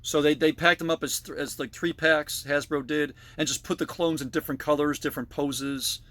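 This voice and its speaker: A man's voice: on the high side, fairly even intonation, a little fast, pushed and bright. A middle-aged man casually narrating a tour of his collection in a basement, with frequent fillers and self-corrections. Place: basement room.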